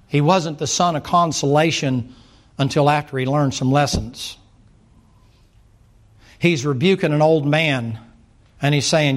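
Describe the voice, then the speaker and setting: Animated preacher, high voice. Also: male voice. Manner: animated preaching, swings from low asides to loud emphatic runs; acts out dialogue in quick playful voices. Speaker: pastor. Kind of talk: sermon.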